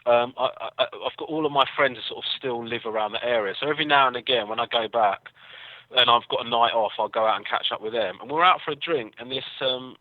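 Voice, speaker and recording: English man, comedian guest, rambling anecdotes, dry self-deprecating humor, quick talker, tinny phone-like sound. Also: mid-range voice, dry recording. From England. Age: young adult. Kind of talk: casual storytelling.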